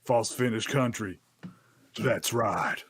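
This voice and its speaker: A man's voice: fairly low pitch, slow, fairly bright tone, a little hiss or hum. Wry male podcast co-host. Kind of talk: casual chat.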